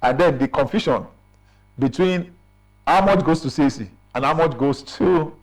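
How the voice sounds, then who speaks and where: A man's voice: fairly high pitch, normal speed, low-quality recording. A middle-aged man with a Nigerian accent, an official explaining procedures in a radio interview and often checking in with "right?". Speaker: official explaining business registration.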